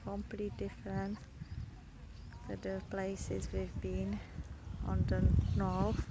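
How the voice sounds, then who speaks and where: A woman's voice: medium pitch, completely flat delivery, takes it slowly, gravelly. A woman giving casual travel commentary in a park by the beach, chatting and laughing often between remarks. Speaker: vlogger. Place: outdoor park near a beach. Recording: outdoor background noise, birds.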